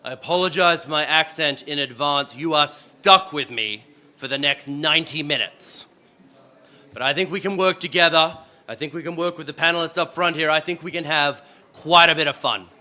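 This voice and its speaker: A man's voice: fairly high pitch, normal speed. Upbeat Australian man moderating a panel. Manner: energetic, self-deprecating, joking. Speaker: event moderator.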